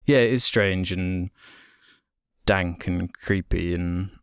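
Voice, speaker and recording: A man co-hosting a podcast, discussing a film casually in a measured, hesitant way with many fillers. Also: sits low, clear, resonant tone, no room sound, studio quality. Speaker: podcast co-host.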